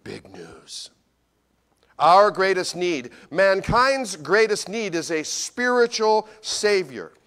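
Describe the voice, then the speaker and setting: Animated folksy pastor, a man preaching. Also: sits high, slow, few pauses, clean tone. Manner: animated storyteller, swings from loud to hushed; folksy, addresses congregation directly. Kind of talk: Christmas sermon.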